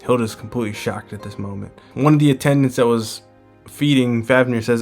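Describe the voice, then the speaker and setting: A man hosting a manga chapter breakdown, retelling the story in a relaxed, conversational way. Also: medium pitch, fairly quick, faint music behind. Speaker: manga chapter recap host. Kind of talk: casual comic chapter breakdown.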